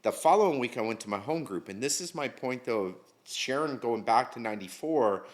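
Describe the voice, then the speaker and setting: A man's voice: medium pitch, expressive, a little fast. A middle-aged man, a guest in an interview, telling his story candidly in casual talk, full of slang and curse words. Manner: candid, slangy, swears freely.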